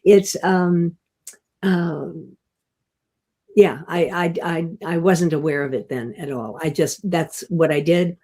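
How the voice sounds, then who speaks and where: An older actress telling stories in an interview, gentle and self-deprecating, often restarting and laughing softly. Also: female voice, low-pitched, slow pace. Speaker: guest actress. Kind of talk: casual interview storytelling.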